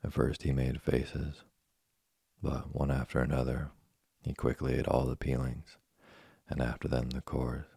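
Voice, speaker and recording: A man reading a children's book aloud in a steady, plain way. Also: a bass voice, measured pace, creaky, breathy edge, no room sound, studio quality. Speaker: storyteller.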